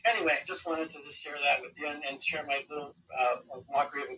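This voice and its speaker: A man's voice: fairly high pitch, fast talker, sharp tone, a little hiss or hum, poor audio. A man calling in to a live show, chatting enthusiastically about politics and laughing often. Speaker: caller. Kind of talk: casual political chat.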